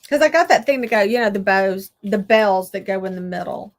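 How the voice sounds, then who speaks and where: A woman's voice: mid-range voice, lively intonation, a little fast. A woman chatting to her viewers while she crafts, talking to herself and laughing often. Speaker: crafting vlogger. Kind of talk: casual crafting chat to viewers.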